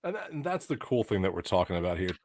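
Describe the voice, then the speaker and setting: A man's voice: sits low, very animated, fast talker, a little mellow. A man co-hosting a podcast, chatting casually and enthusiastically as he sums up the topic. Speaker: podcast co-host. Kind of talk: casual chat.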